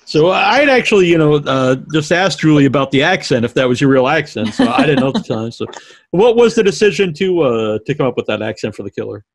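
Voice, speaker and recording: A man hosting an interview, asking halting questions with restarts. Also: a little high, very animated, no echo. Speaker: interview host. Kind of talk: casual interview chat.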